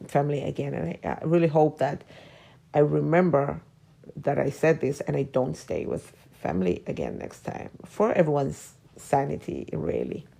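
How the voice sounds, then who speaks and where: Reflecting on personal memories with some hesitation, this podcast host, a woman in her forties, occasionally drops her voice to a whisper. She speaks at a normal speed in a low, expressive, mellow voice marked by vocal fry.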